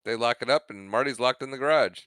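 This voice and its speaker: A man with a bright, crisp, smooth voice recaps a film on a podcast, laughing often and slipping into quick acted-out lines of dialogue. The recording is dry and close to the mic, with no room sound. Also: mid-range voice, no echo. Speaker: podcast co-host. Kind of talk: casual movie recap chat.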